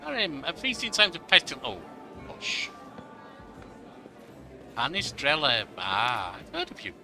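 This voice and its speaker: A man's voice: medium pitch, huge pitch swings, measured pace, pushed and bright, soft background music. A man commenting on his game playthrough, reading text aloud with playful asides. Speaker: gamer. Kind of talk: let's-play commentary.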